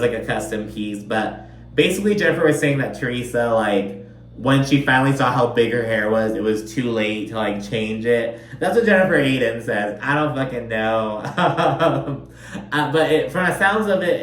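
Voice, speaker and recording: A man recaps a reality show in loose, chatty commentary, swearing freely and saying "like" constantly. His average-pitched, animated, slightly bright voice moves at a moderate pace, recorded from a distance in a roomy, echoing space with a faint hum beneath.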